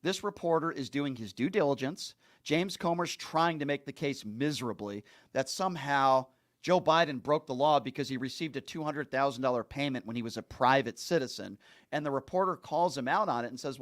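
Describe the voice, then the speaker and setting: A man's voice: a little high, animated, a little fast, a bit bright. A male host delivering an angry political commentary rant, insulting and heavily emphatic.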